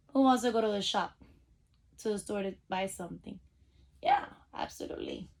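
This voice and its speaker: A woman teacher giving a phonics lesson to young children over a video call, sounding out letters slowly and cheering them on. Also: mid-range voice. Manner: upbeat, encouraging, speaks straight to the kids.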